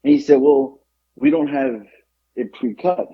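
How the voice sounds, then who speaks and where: A man's voice: medium pitch, unhurried, creaky, breathy edge, narrow, tinny audio. A man co-hosting a podcast, telling a story in casual chat and acting out the people in it. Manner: animated, acts out the people in his story. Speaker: podcast co-host.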